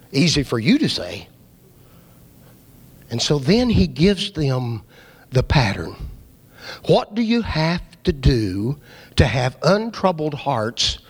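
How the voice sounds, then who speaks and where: High-voiced preacher in a reverberant hall. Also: male voice. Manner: dramatic, swings between loud emphasis and hushed low asides. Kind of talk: sermon.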